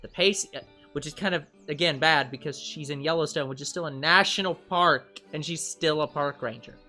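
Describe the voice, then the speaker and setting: Bright-voiced man reading a visual novel. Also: a little high, brisk, faint music behind. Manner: lively, joking, animated laughing outbursts. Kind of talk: let's play narration and banter.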